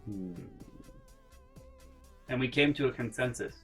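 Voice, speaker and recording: A young man vlogging college dorm stories in an animated way, acting out voices and sound effects and swearing casually. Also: on the high side, moderate pace, music in the background. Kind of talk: casual storytelling vlog.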